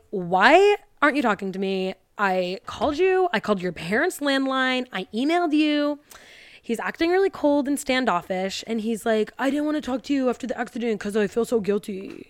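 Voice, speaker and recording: A woman's voice: mid-range voice, no room sound, studio quality. Chatty sarcastic woman podcast host. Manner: sarcastic, chatty, acts out characters' lines. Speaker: podcast host recapping a TV movie. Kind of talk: casual comedic recap.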